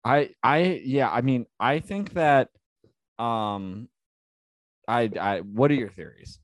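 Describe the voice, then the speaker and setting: Podcast cohost guy, slow and halting, dry sound. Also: medium pitch, no room sound. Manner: halting, searching for words. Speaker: podcast co-host. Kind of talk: casual banter.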